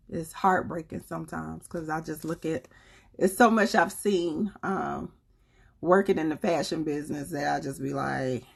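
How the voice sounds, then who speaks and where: A woman with a Southern US accent talks casually to her viewers on a live stream, earnest and a little preachy. Her voice sits low and comes out husky, with a gravelly edge. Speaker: livestream host.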